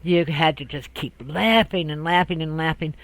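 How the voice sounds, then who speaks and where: An older man recounts a family memory in a loose, rambling way, often breaking into laughter. His voice sits high for a man. The sound is close and dry. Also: normal speed, vocal fry, fairly bright tone, no echo, low-quality recording. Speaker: storyteller. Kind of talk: casual personal storytelling.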